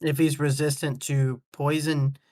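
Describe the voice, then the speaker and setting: A tabletop player who gives halting, helpful rules reminders to the group. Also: mid-range voice, little pitch movement, a little mellow. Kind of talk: tabletop game play.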